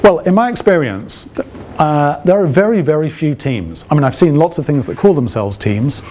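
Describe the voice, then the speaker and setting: A man's voice: on the high side, animated, normal speed, a little mellow, slight background noise. A man giving an open lecture to alumni in a conversational way, often checking with the audience through rhetorical questions and dry, ironic asides. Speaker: guest lecturer.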